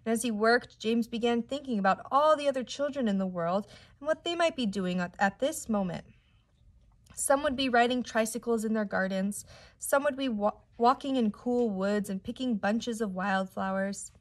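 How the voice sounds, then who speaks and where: A woman teacher reading a children's book aloud with expressive, unhurried storytelling. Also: a little high. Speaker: third-grade teacher.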